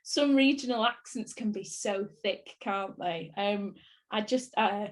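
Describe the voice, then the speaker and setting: A woman's voice: medium pitch, unhurried. A woman from Bolton with a Northern English accent, chatting in an interview, rambling and laughing often. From Bolton, England. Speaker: actress, interviewee. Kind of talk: casual interview chat.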